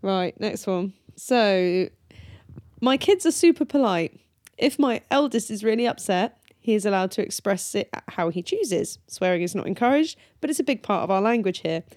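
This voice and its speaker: A woman's voice: medium pitch, normal speed, no room sound. A woman in her thirties co-hosting a podcast, laughing often as she tells stories in casual chat. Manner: laughs often, lively storytelling. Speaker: podcast co-host.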